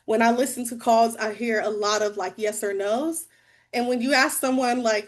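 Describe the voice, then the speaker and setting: Woman, slightly high voice, bubbly, chatty, casual sales coaching, video call. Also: fairly even intonation, moderate pace. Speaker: guest speaker, inside sales agent. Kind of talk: casual training talk on a call.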